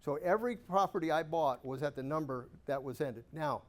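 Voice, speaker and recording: A man with a somewhat high voice gives a storytelling keynote to a live audience. His delivery is animated and self-amused, full of rhetorical questions and punchy asides. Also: fairly quick. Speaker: guest speaker at a real estate investor club.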